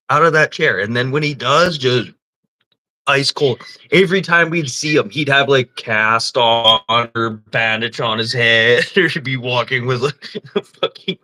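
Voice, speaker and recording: A man with a mid-range, sharp-toned voice hosts a livestream, chatting casually and telling rambling, profane stories while laughing often. The recording is rough.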